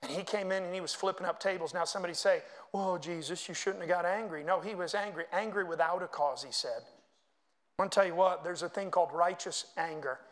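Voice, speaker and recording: A man preaching a sermon, reading scripture aloud and making animated asides to the congregation. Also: sits high, brisk. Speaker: pastor.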